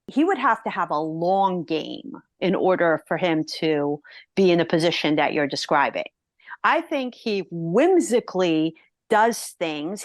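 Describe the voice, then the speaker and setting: An animated woman talking through a film with her podcast co-host, slipping into quick voiced asides for the characters. Her voice sits at an everyday middle pitch and sounds close and dry, with no room around it. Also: dry recording. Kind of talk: casual film discussion.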